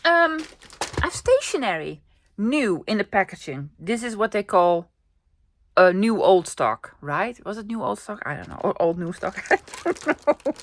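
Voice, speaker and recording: A woman's voice: medium pitch, very animated, moderate pace, no echo. Chatty woman vlogger. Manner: chatty, enthusiastic, thinking aloud. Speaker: craft vlogger. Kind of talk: casual show-and-tell vlog.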